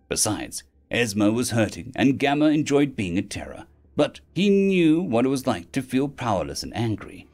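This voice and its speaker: A man narrating a fantasy story in a lively reading voice. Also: mid-range voice.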